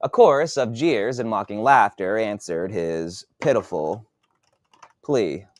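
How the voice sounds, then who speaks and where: Slow, halting male author reading his draft. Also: on the low side, expressive, no room sound. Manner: halting, repeats words while composing. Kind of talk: dictating a novel draft aloud.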